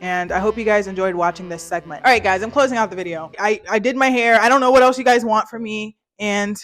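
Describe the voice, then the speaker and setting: A young woman vlogger in casual ranting chat, animated, dramatic and rambling. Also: medium pitch, quick pace, faint music behind. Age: young adult.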